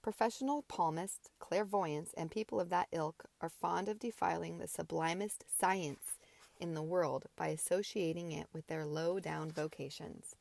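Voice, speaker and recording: A woman voicing a brash, loud middle-aged male teacher in an amateur audiobook, booming and bluff. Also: normal speed, vocal fry, no room sound. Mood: blustering. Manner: booming and bluff, mock-hectoring.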